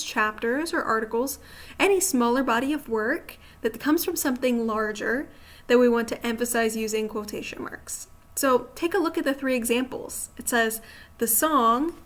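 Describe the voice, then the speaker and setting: A woman with a fairly high voice teaches a writing lesson from slides. She explains each example patiently and often pauses to check that the listener is following along. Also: fairly bright tone. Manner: patient, explanatory, asks rhetorical check-in questions. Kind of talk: slide-based grammar lesson.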